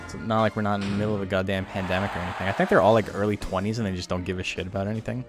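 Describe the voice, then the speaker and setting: A man's voice: lowish voice, fairly even intonation, racing, music in the background. A young man hosting a game tournament stream, chatting casually with a profane, rambling manner between play-by-play calls. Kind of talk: casual live-stream commentary.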